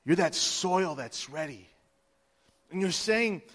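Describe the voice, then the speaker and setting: High-voiced preacher guy, gets quiet then loud, big echoey hall. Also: moderate pace. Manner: impassioned, swings from hushed to loud, acts out quotes. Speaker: pastor. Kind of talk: Easter sermon. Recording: long hall reverb.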